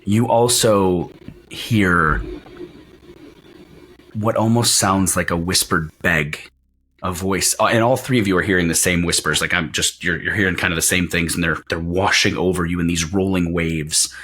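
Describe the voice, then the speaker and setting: A man's voice: low-pitched, steady tone, a little fast, pushed and bright, a little hiss or hum. A man narrating as game master of a tabletop role-playing session, describing scenes at length with frequent restarts.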